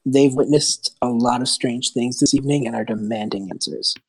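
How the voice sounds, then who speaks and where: A man's voice: mid-range voice, moderate pace, slightly rough, dry recording. A man narrating a tabletop game as game master, in a loose, chatty way with asides.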